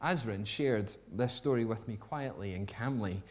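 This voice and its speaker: A male preacher giving a sermon, reading a story aloud with expressive delivery that swings between hushed and emphatic. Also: on the low side, moderate pace.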